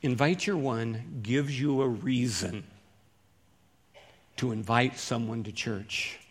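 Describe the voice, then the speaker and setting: A folksy male pastor gives a sermon in an easygoing, chatty manner. He swings from loud, emphatic bursts to hushed asides. His voice sits at an ordinary middle pitch. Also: slow, breathy edge.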